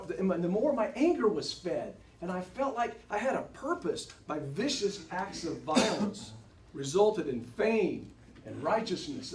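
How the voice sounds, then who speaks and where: A candid, repentant former persecutor from ancient times, played by a man who tells his story straight to the listeners with folksy asides. His voice sits high for a man. It is recorded from a distance in a roomy hall, with clear background noise. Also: a little mellow. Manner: conversational, addresses the audience directly, folksy asides. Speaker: actor portraying a biblical figure for a church class. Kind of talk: first-person dramatic monologue. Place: church classroom.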